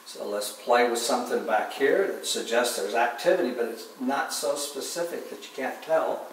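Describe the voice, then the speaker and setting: A man giving a relaxed painting demonstration, talking softly and unhurriedly, often trailing off quietly as he works. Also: mid-range voice, normal speed, a little hiss or hum. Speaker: painting instructor. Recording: distant mic in an echoey room with faint ambience.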